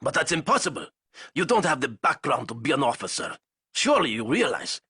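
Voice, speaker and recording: A cruel, ambitious Soviet colonel, put on by a male reader for an audiobook. He yells his orders high and hard, and his voice stays rough and husky. The sound is dry and close. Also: sing-song, a little fast, dry recording, heavily acted. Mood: rattled. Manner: barking, shouted commands.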